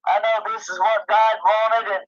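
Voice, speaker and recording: A woman's voice: medium pitch, flat delivery, normal speed, lo-fi sound. A woman calling in to a live coaching talk, earnest and reassuring, rambling a little as she speaks. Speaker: caller. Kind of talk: call-in chat.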